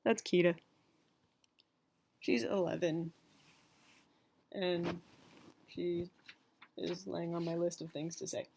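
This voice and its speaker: A woman's voice: lowish voice, level tone, slow, creaky, long pauses, mellow, a little hiss or hum. A young woman with a Southern Californian accent, chatting casually from bed into her laptop as she reads an accent-tag word list. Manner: chatty and giggly, filler-heavy. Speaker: vlogger. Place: in bed at home. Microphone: laptop mic.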